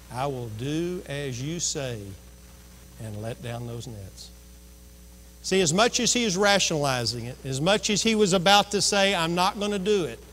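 Male pastor preaching, higher than usual pitch, echo of a large church hall. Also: bright, forceful tone. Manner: storytelling preacher who acts out voices. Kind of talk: sermon. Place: church sanctuary. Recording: long reverb of a church hall.

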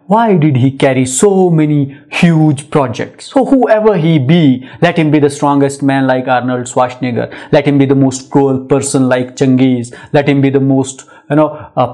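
A man lectures on a poem, pressing each point by repeating phrases and firing rhetorical questions. His voice sits a little higher than most men's. He explains the lines in a plain classroom manner. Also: darkish tone. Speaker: literature lecturer. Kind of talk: poetry lecture mixing English and Hindi.

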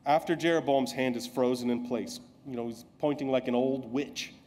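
A man's voice: mid-range voice, fairly even intonation, moderate pace, a little mellow. A male pastor preaching a sermon in a conversational, self-deprecating storytelling way, acting out the lines of people he quotes.

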